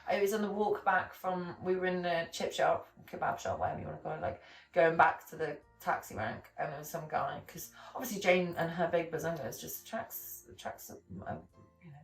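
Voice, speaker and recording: A woman's voice: fairly low pitch, brisk. A woman, rambling through stories as a podcast co-host, swearing often and restarting her sentences. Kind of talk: casual chat, storytelling. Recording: echoey room, distant mic, faint music.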